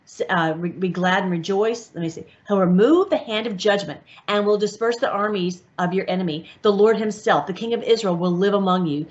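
A woman's voice: medium pitch, a little fast, hardly any pauses, lo-fi sound. A woman hosting an online video, reading aloud and commenting in an eager, emphatic way with many restarts.

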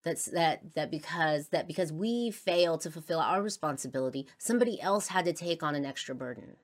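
A woman with a low voice talks on her podcast about something she regrets. She speaks haltingly, with frequent fillers, and her voice often sinks to a quiet trail at the end of a thought. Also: animated. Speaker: podcast host. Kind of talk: personal confessional monologue.

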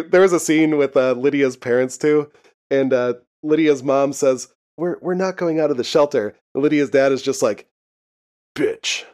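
A man's voice: mid-range voice, a little mellow. Laid-back young man, casual podcast chat. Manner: laid-back, laughs often, swears casually. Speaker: podcast co-host. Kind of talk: casual chat recapping a TV show.

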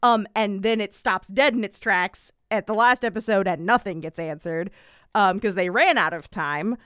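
A woman's voice: medium pitch, moderate pace, a bit bright, clear, resonant tone, dry recording, clean studio sound. A woman co-hosting a casual podcast chat, critical and conversational, with lots of fillers. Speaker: podcast co-host.

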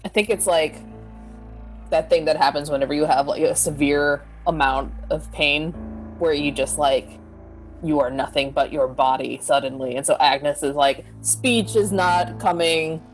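A woman's voice: deep voice, a little slow, soft background music. A woman playing a tabletop game, describing what her character feels in a loose, chatty way full of filler words. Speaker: player.

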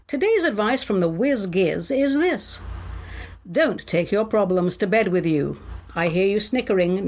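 A woman hosting a solo show in a playful, theatrical way. She has a middle-range voice and reads comic verse aloud, slipping into whispers for effect. She sounds middle-aged. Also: medium pitch. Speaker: podcast host.

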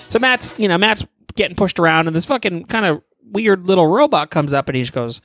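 A man's voice: high-pitched, expressive, a little fast, fairly bright tone, no echo, soft background music. A young man casually improvising a crude, joking story, rambling with many fillers.

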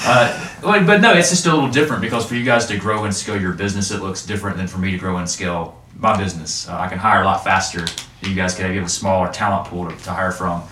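A man co-hosting a podcast, jumping in quickly with jokes and framing questions. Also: deep voice, slight background noise. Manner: quick, joking, animated. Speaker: podcast co-host. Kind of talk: casual interview chat. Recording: distant mic in echoey room.

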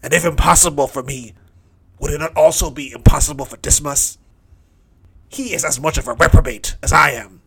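A man speaks a dramatic first-person monologue as a bitter, hardened thief dying on a cross, brooding, cynical and low-key. His brisk voice is close to an everyday one, with background noise present.

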